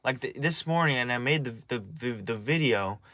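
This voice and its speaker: A man's voice: medium pitch, lively intonation, normal speed, bright, forceful tone, no room sound. A young man with a mid-range voice vents in a raw, agitated confessional vlog, stumbling over false starts and swearing as he rambles on. The recording is close and completely dry, with no room sound around the voice.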